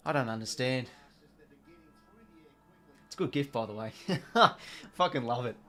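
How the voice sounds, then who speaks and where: A man's voice: mid-range voice, normal speed, faint music behind. An Australian man hosting a live football watch-along, talking in a casual, rambling and exasperated way, swearing now and then and reading out viewer donations.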